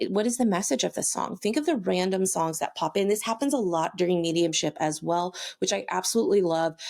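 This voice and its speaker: A woman's voice: on the low side, gravelly, a little mellow. A woman hosting her own show, explaining intuitive abilities in a chatty teaching talk, often saying "like" and "okay". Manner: chatty, frequent "like" and "okay", acts out little quoted voices. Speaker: intuitive teacher and podcast host.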